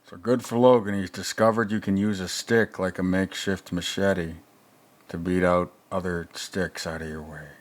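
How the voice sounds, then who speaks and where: A man's voice: low voice, steady tone, moderate pace, lightly acted. A man playing a crude, rambling older male movie reviewer who mutters sarcastic asides in a comedic reaction commentary.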